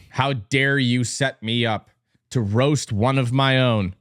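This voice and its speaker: A young Texan vlogger and former competitive swimmer reads out numbers on screen, reacting and teasing casually with lots of exclamations and laughter. His mid-range voice is steady, slow and fairly bright, recorded in studio quality with no echo.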